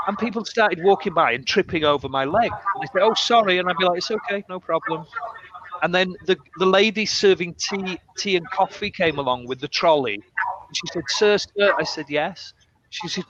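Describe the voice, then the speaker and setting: Male English teacher telling stories, slightly high voice, muffled lo-fi recording with faint hiss. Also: normal speed. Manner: animated, acts out quotes with shifting voices. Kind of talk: casual storytelling conversation. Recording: muffled lo-fi sound with faint noise.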